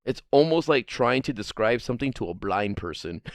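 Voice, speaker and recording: A man's voice: mid-range voice, lively intonation, a little fast, no echo, clean studio sound. A man streaming a casual chat, rambling and swearing freely, laughing often.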